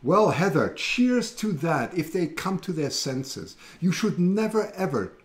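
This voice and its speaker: A man's voice: a little high, sing-song, measured pace. A man with a German accent, hosting a casual livestream, chatting and rambling and reading out viewer comments. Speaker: livestream host.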